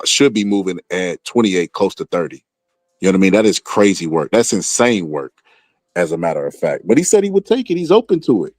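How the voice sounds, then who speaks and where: A man with a low voice gives streetwise boxing commentary in a dry, close recording. He talks animatedly in casual slang and keeps repeating his phrases. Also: darkish tone, no echo.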